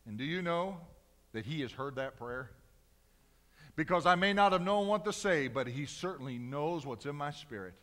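A male pastor preaching a sermon in a church, swinging from loud cries to hushed, slow emphasis. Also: a little high, sing-song, big-room sound. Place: church sanctuary.

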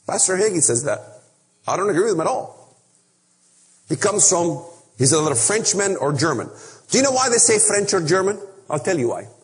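Animated preacher man in a reverberant hall. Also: high voice, moderate pace. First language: Arabic. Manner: emphatic, animated, rhetorical questions. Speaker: speaker on biblical prophecy. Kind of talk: preaching Bible lesson.

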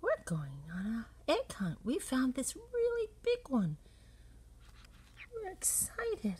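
Slow, sing-song woman reading a storybook. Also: sits high, wildly swooping pitch, a little mellow, slight background noise. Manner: sing-song, playful, with animal sounds and breathy whispers. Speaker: storybook reader. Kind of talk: reading a children's picture book aloud.

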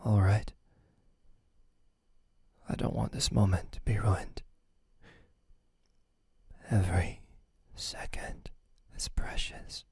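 A man voicing a teasing, possessive young gamer boyfriend in a whispered role-play, talking softly right at the ear on a close mic. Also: on the low side, steady tone, takes it slowly, gravelly, pauses often, breathy edge, no echo, heavily acted. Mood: tender. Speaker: voice actor. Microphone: close mic by the listener's ear.

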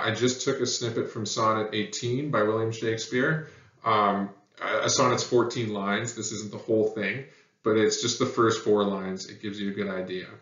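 A man's voice: fairly low pitch, sharp tone. Man explaining poetry meter, roomy sound. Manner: plain, explanatory, frequent ums and uhs. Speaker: teacher. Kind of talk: recorded poetry lesson. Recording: roomy, dull lo-fi audio.

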